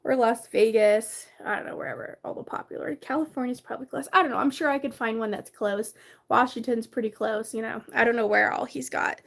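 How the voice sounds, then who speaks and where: A woman with a somewhat high voice talks casually on a live stream from her bedroom. She is tired and a little hoarse from a cough, but stays friendly and laughs easily as she greets viewers one by one. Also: fairly even intonation, a little fast. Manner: chatty, greets viewers by name, laughs often. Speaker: livestream host.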